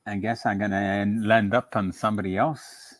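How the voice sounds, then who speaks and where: Relaxed man from Canada on a dry call. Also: lowish voice, moderate pace, no room sound. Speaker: guest crafter. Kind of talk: casual live-stream chat.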